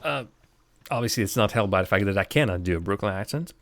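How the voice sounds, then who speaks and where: A man's voice: lowish voice, expressive, fast talker, fairly bright tone, no echo. A man giving casual, rambling commentary while streaming a game live, chatting with viewers and laughing often.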